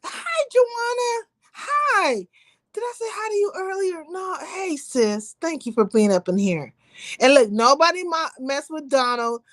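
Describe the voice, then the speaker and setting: A woman's voice: high voice, very animated, normal speed, no echo. A woman hosting a livestream, talking to her viewers in an emphatic, profane, preachy way. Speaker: livestream host. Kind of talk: impassioned livestream rant.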